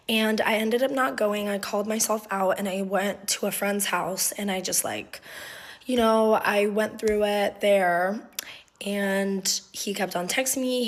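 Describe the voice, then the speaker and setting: A young adult woman telling a story from her own life in a casual vlog, with lots of swearing and constant fillers. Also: mid-range voice. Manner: animated, profane, fillers "like" constantly.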